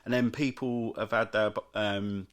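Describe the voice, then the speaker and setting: A man's voice: fairly low pitch, fairly even intonation, measured pace. A British man hosting a solo podcast, chatting and ranting about everyday moans. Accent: British English. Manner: chatty ranting, mocks moaners in put-on voices. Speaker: podcast host.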